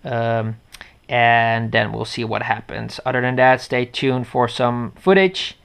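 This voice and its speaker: Dutch-accented man, smooth resonant mid-pitched voice, off-the-cuff rambling vlog review, head-mounted camera mic. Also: steady tone, slow pace, a bit bright. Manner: rambling, with many fillers and restarts. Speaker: tech reviewer. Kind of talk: unscripted casual review. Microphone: head-mounted action camera.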